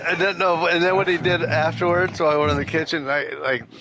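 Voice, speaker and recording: A man in casual podcast chat, telling stories in quick, animated bursts and laughing often. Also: a little high, muffled recording, a little hiss or hum.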